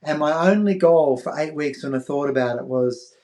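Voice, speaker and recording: Animated Australian man telling a story. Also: a little high, moderate pace, few pauses. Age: middle-aged. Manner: animated, acts out voices of others, drops to near-whispers at tender moments. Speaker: podcast guest, former athlete. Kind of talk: emotional storytelling.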